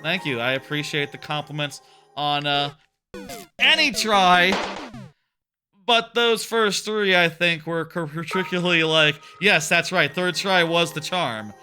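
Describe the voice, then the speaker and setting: Male streamer, thirties, rambling casual game-stream chatter, bright sharp voice, music faintly behind. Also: fairly high pitch, a little slow. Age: 30s. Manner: rambling, many fillers and restarts. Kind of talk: casual live-stream chat while playing.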